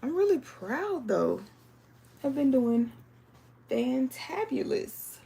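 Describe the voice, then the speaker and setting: A woman's voice: sits high, big pitch swings, takes it slowly, creaky, warm tone, a little hiss or hum. A woman hosting a live sewing stream, chatting casually with viewers and reading the chat aloud. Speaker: crafting livestream host.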